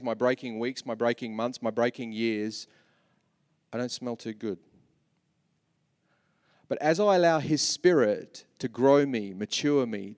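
A man with an Australian accent preaching a sermon as pastor, animated, swinging from soft asides to loud repeated lines. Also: medium pitch. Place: large church hall. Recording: long reverb of a church hall.

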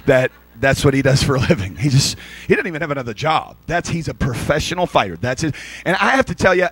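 Male pastor, a bit high and breathy, preaching with lively humor at a church service. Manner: energetic, joking preaching. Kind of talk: sermon.

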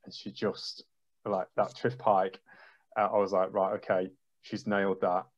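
A man's voice: deep voice, little pitch movement, a little slow. A man, a trampoline coach, telling an emotional story on a video call and acting out his own reactions. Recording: dull lo-fi video call audio.

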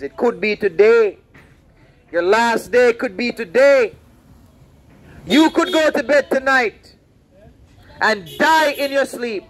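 A man with a very high voice preaches on a roadside from Saint Vincent, speaking slowly with long pauses, and the recording is low quality. His open-air preaching is fervent and repetitive as he warns and pleads with passersby.

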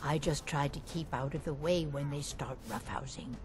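An actress playing a gentle, timid woman in a video game. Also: low voice, fairly even intonation, normal speed, lightly acted.

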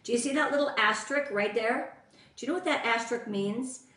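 A woman's voice: on the high side, fairly quick, a bit bright, recorded from a distance. A woman leading a casual live-stream training for her sales team, bubbly and chatty, greeting viewers by name as she shows products. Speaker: team leader of sales consultants. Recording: echoey room, voice off-mic.

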